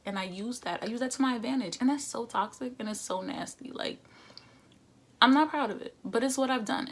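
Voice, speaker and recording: A woman's voice: on the high side, vocal fry. Young woman vlogger, blunt and sassy, casual confessional delivery. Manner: sassy, blunt, conversational with slang. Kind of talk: candid confessional talk to camera.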